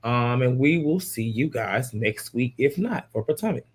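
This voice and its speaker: A man hosting a live podcast, relaxed and easygoing, giving short affirmations and signing off casually. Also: mid-range voice, moderate pace, slight background noise. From California. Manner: relaxed, brief affirmations, easygoing sign-offs. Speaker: podcast host.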